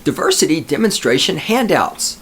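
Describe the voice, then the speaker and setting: A man's voice: fairly high pitch, sing-song, moderate pace, fairly bright tone, a little hiss or hum. A man hosting a podcast, ranting alone in a sarcastic, profane, mocking way. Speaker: podcast host. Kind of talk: sarcastic solo podcast rant.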